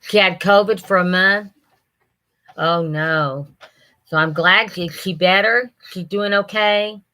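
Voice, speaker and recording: Folksy 60s lady w/ twang, bright voice, chatting w/ her viewers on a livestream. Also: lowish voice, slow, rough recording. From Ohio, USA. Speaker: livestream host. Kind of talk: casual chat reading viewer comments.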